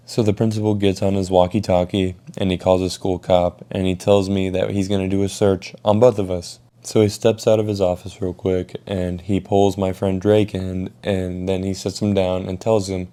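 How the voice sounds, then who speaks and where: A young man telling a school story in a casual, profane, animated way. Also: deep voice, normal speed, few pauses. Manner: casual, swears a lot, animated retelling. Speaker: vlogger.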